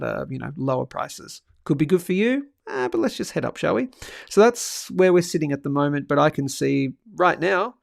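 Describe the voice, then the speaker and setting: A man chats loosely on a livestream and keeps cracking jokes as he reads out viewer comments. His voice sits a little high and has a gravelly fry. The sound is close and dry, with no room echo. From Australia. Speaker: livestream host. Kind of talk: casual livestream chat.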